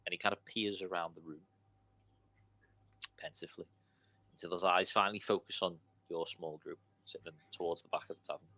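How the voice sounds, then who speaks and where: A man narrating a tabletop game as dungeon master, in a relaxed, chatty way. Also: deep voice, fairly quick, pauses often.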